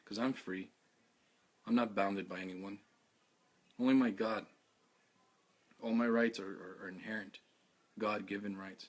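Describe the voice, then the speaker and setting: An exhausted man speaks earnestly into his phone for a live video, halting and repeating himself as he goes. His voice sits low and stays flat, with little rise or fall. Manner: halting, stuttering, repeats words; earnest, heartfelt. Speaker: activist streaming a live video. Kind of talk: emotional live video statement.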